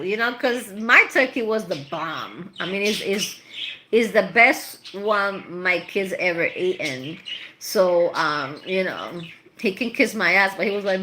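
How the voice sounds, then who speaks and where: A woman's voice: medium pitch, expressive, unhurried, pushed and bright, a little hiss or hum. A middle-aged woman, a tarot reader, chatting casually and rambling with laughs and bits of Spanish slang. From Puerto Rico. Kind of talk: casual chat.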